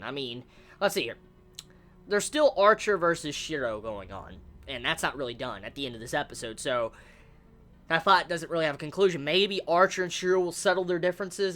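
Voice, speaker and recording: Excitable young man, lively bright voice. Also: on the high side. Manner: excitable, swears a lot, stammers and repeats words. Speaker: anime reviewer. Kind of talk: casual unscripted review.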